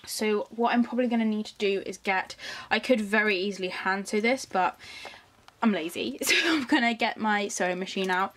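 A woman's voice: mid-range voice, moderate pace, fairly bright tone, slight background noise. A young woman with a slight lisp, chatting in a rambling, casual way at home as she talks through a crafting project. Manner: chatty and rambling, many ums and likes. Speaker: crafting vlogger. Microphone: camera on the floor.

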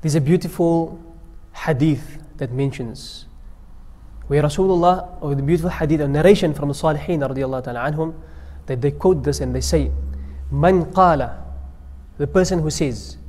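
A man's voice: a little high, normal speed, a little mellow. A man giving a Ramadan sermon as a sheikh, telling stories and reciting Arabic phrases, in a mosque hall. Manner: storytelling preacher, mixing in Arabic recitation. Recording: long echo of a mosque hall.

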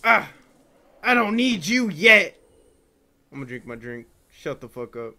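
A young man streaming a video game, shouting and yelping excitably at enemies with lots of swearing. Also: fairly high pitch, unhurried. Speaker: gaming streamer. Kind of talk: live game-stream commentary.

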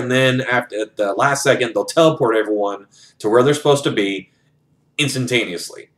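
A man's voice: medium pitch, a bit bright. A man casually retelling a novel's plot in his own words, loose and filler-heavy with some swearing. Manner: loose, profane, many fillers. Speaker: book reviewer.

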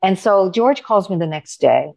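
Speaking at normal speed in a mid-range voice with vocal fry, a middle-aged coach guesting on an interview tells stories with animation. She dramatizes the quoted dialogue of other people.

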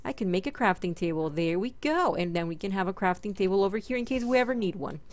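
A woman's voice: mid-range voice, animated, quick pace, a little mellow. A woman hosting a gaming channel, chatting casually and playfully through her game and talking to her in-game pets. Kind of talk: casual let's-play commentary.

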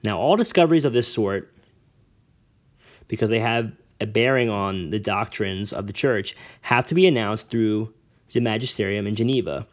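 Lord Asriel, a man reading a calm aloof nobleman. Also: on the low side, moderate pace, natural voice. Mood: calm, explaining. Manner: calm, explaining at length. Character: cool, aloof nobleman father, calm and lecturing.

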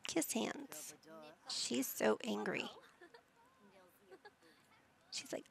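A woman's voice: medium pitch, slow, gravelly, long pauses. A woman gaming YouTuber giving chatty let's play commentary, narrating each move she picks. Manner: chatty, narrating her own game moves.

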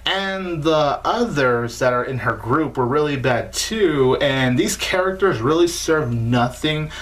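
A man's voice: fairly high pitch, animated, a little slow, a bit bright. A man giving a casual spoken movie review in an emphatic, informal way, often repeating himself for stress. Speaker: film reviewer.

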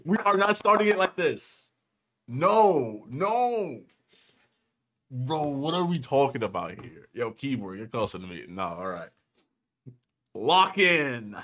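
A young man reacting to a film, excitable and slangy, blurting confused outbursts as he watches. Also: mid-range voice, slow pace, pauses often. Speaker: anime reactor. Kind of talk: reaction video commentary. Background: film soundtrack music.

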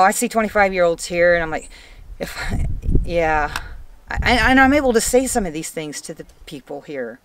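A woman's voice: lowish voice, recorded from a distance. A woman frankly sharing a painful life story as an interviewee, emotional and close to tears, swearing freely. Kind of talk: candid personal storytelling.

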